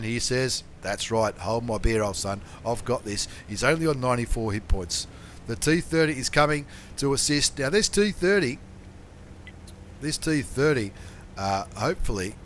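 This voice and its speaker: A man hosting a game channel, commentating replays in a chatty, slangy way and bursting into excited shouts and swearing. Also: medium pitch, a little hiss or hum.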